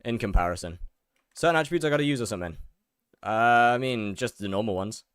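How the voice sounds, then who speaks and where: A man's voice: on the low side, lively intonation, fast talker, no echo, studio quality. A young man chatting casually while he streams a game, rambling, repeating words and answering his chat.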